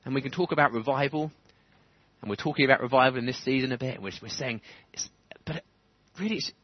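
A man preaching a sermon in church, animated, chuckling often and building to fervent emphasis. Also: medium pitch, quick pace, slightly rough, no echo. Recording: dull lo-fi church recording.

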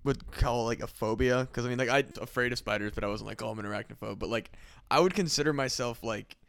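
A man's voice: medium pitch, a little fast, a little hiss or hum. A man talking as a guest on a casual comedy podcast, rambling and filling his sentences with "like". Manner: rambling, heavy use of "like".

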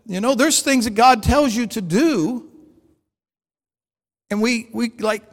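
A man preaching a storytelling sermon, animated and acting out the dialogue in his stories. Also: extremely high pitch, slow. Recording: long hall reverb.

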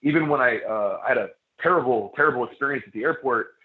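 A man's voice: medium pitch, fast. Casual man telling a rambling story, echoey phone-like sound. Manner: rambling, laid-back, many fillers and restarts. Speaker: professional wrestler guest.

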